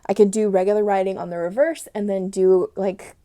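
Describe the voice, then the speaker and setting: A woman hosting a casual pen unboxing and review, gushing and excitable as she fangirls over a new pen. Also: medium pitch, brisk. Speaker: stationery channel host.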